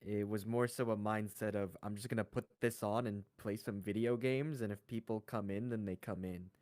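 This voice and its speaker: A man's voice: fairly low pitch, a little mellow, dry recording. Easygoing man, dry close sound. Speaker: streamer guest. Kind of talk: casual group chat.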